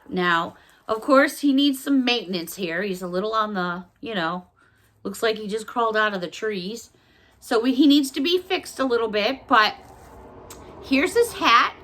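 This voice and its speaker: A chatty woman vlogger with a high, bright voice, talking casually into a nearby camera. She gushes with playful asides as she shows off her finds. She comes from the Chicago area. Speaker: haul vlogger. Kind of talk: casual haul vlog.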